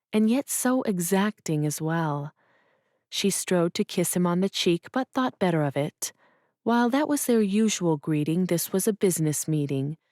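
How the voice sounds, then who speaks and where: Mellow-voiced woman narrating a romance. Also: fairly low pitch, no room sound, studio quality. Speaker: audiobook narrator.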